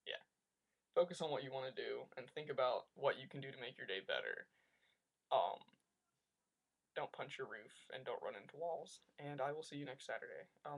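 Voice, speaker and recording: A man's voice: mid-range voice, gravelly. Young man rambling to a webcam. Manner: rambling, animated rants with lots of "like". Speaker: vlogger. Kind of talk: casual storytelling vlog.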